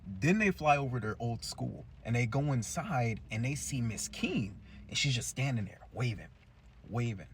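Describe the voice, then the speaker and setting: A young man casually recapping a cartoon episode in a chatty, slangy, animated way. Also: mid-range voice, moderate pace, a little hiss or hum. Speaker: cartoon reviewer.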